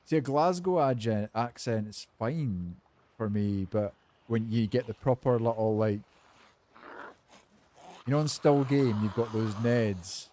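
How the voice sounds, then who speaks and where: A man's voice: fairly low pitch, dark tone, a little hiss or hum. A man streaming a game and chatting casually with viewers, laid-back and cynical, swearing freely and rambling between topics while he answers chat.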